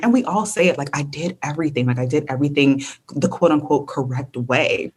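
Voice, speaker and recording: Husky-voiced woman telling her story. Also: low-pitched, a little fast. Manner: animated storyteller who acts out her own inner voice. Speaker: podcast guest. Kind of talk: casual interview chat.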